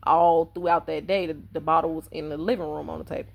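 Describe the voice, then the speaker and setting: A woman's voice: low voice, level tone, quick pace, gravelly, highs cut off. A woman telling a personal story on her vlog in a casual, blunt and profane way. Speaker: vlogger.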